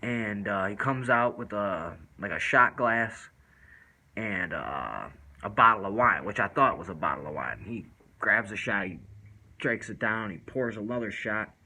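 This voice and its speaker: A man's voice: lowish voice, expressive, measured pace, sharp tone, poor audio. A man casually telling a first-person story in loose, rambling street slang with lots of fillers.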